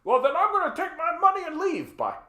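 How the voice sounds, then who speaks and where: Brief: a squealing, indignant rich landlord, put on by a man, high and whiny, in a roomy echo. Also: wildly swooping pitch, a little fast, bright, forceful tone, exaggerated voice. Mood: huffy. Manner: high, squealing mock protest.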